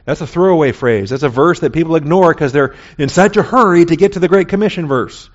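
A man's voice: a little high, lively intonation, fast talker. A man teaching a Bible lesson in a conversational way, often checking in with his listeners. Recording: dull lo-fi recording.

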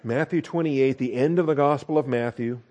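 A man's voice: medium pitch, moderate pace, a little mellow. A man preaching an expository sermon, explaining grammar step by step, repeating key points and often checking in with the congregation. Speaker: pastor teaching scripture.

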